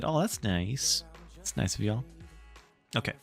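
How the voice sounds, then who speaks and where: A man reading a storybook aloud on a stream and chatting casually, animated and playful. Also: fairly low pitch, normal speed, creaky, long pauses, faint music behind. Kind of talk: read-aloud narration and casual stream chat.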